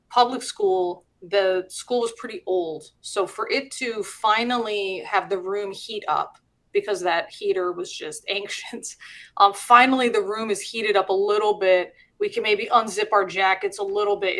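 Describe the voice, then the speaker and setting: A woman's voice: medium pitch, normal speed, fairly bright tone. Chatty middle-aged woman host. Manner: chatty, laughs while explaining. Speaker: host and teacher. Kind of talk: casual live-stream chat.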